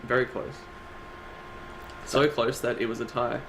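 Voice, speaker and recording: Chill guy cohosting a stream, gravelly voice, laughs a lot, bit of hiss. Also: mid-range voice, level tone, a little slow, fairly bright tone, poor audio. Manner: laid-back, laughs often, reads out lists. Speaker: stream co-host presenting awards. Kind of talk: casual chat.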